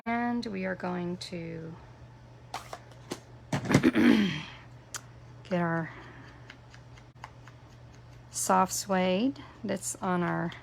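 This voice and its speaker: A woman hosts a live craft tutorial in a strongly gravelly, fry-laden voice. She talks slowly and chattily, greeting viewers by name and making playful jokes at her own expense. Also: fairly low pitch, background noise. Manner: self-deprecating, playful asides. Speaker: craft demonstrator.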